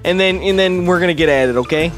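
A young man hosting a gaming video, teasing and joking, bursting into high screams when chased. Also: fast, soft background music. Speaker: gaming channel host. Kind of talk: playful Let's Play banter.

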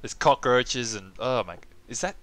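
A man's voice: mid-range voice, expressive, measured pace, fairly bright tone. A man from Australia streaming a video game, talking in an offhand, self-mocking way with casual swearing, over faint game music. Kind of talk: casual live-stream commentary.

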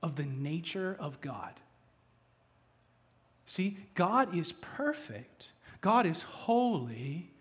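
A man preaching a sermon as pastor, shifting from loud emphatic bursts to hushed asides. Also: on the high side, big pitch swings, drawn-out words, pauses often. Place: church.

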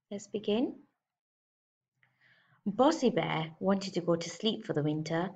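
Woman teacher, storybook read-aloud for kids, gentle, slightly dull lo-fi sound. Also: lowish voice. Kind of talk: reading a picture book aloud to children.

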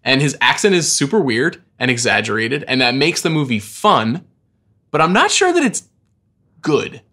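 A man co-hosting a casual film podcast. His pitch moves a lot, and he talks thoughtfully, hedging and qualifying as he works through his views. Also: big pitch swings, normal speed, pushed and bright. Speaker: podcast co-host. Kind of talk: casual movie podcast chat.

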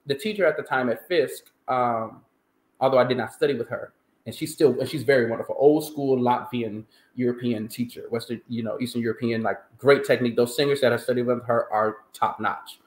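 A man speaking in a middle-pitched voice, animated and emphatic as he tells his story in an interview. His voice rings in a roomy, echoey space. He talks like a singer looking back on his training. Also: fairly quick. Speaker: countertenor singer, interview guest. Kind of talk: conversational interview. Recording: roomy echo.

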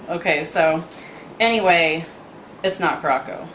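A woman's voice: low-pitched, fairly even intonation, moderate pace, roomy sound, a little hiss or hum. A woman making cocktails in her home kitchen, chatty and playful with little asides. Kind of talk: casual kitchen demo chat.

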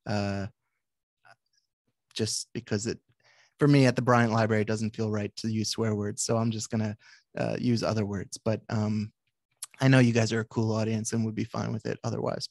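Author reading, male, flat and gravelly, dry close sound. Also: fairly low pitch, no room sound. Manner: measured, with brief asides to the audience. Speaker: author and psychiatrist. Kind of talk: reading aloud from his book.

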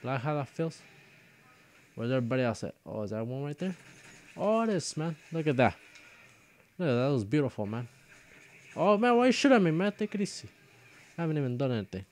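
A man's voice: on the high side, sing-song, brisk, long pauses, darkish tone. A young man giving casual gameplay commentary as host of his own video series. He jokes, grumbles and trash-talks at other players.

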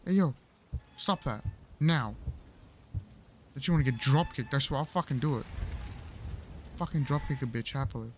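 A man's voice: medium pitch, moderate pace, long pauses, a little hiss or hum. A man giving crude, profane and joking commentary as he plays through a horror game, talking to himself with silly mocking asides. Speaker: gaming channel host.

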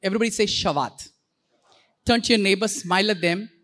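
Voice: mid-range voice, fairly even intonation, a bit bright. A pastor preaching a sermon in a church, playful and interactive, calling on the congregation to repeat words back. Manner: playful, quick asides and jokes.

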